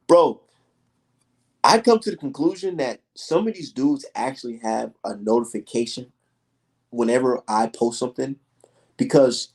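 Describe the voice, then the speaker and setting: A young man hosting a casual livestream, telling stories in an emphatic, profane, animated way. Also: fairly high pitch. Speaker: livestream host.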